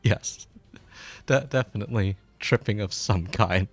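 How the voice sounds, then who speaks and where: A man's voice: on the low side, unhurried, dry recording. A man hosting a live stream, chatting casually with dry, amused reactions. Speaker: streamer host.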